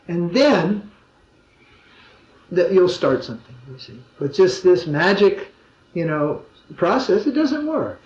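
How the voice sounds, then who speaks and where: A man's voice: high-pitched, sing-song, a little slow, darkish tone. A man, a swami, giving an informal spiritual talk, telling anecdotes in a conversational way with wry humor. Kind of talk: informal religious discourse with anecdotes. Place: gathering in a room. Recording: roomy dull lo-fi 2001 recording.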